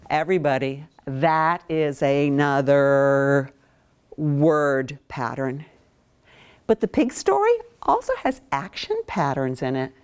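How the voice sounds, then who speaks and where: Slow, expressive woman teaching young kids. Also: low voice, smooth. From Maine, USA. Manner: slow, expressive, coaxing the class to join in. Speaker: children's author. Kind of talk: interactive lesson for young children.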